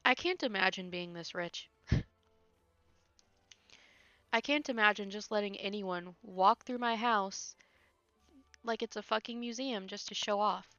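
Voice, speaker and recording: A woman's voice: medium pitch, a little slow, long pauses, a bit bright, no echo, highs cut off, faint music behind. A woman casually commenting on a video game she plays, teasing and wry, laughing often. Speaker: game streamer. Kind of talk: casual let's-play commentary.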